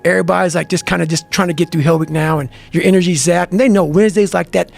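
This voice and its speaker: Intense motivational talker, man, high-pitched and raspy, curses a lot, music bed behind. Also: fairly even intonation, very fast. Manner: profane, fiery, emphatic. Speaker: guest.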